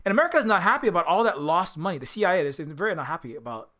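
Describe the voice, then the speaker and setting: A man rants about politics with constant swearing, wandering asides and stumbling restarts. His voice is high and bright, and the delivery stays loose and heated. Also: sing-song, rapid-fire. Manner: profane, rambling, many restarts. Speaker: indie game developer and commentator. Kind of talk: ranting political commentary.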